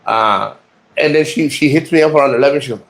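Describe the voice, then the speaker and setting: A man vlogs to camera from a rented room, cracking crude jokes and rambling with lots of restarts. His mid-range voice is a bit bright and fast.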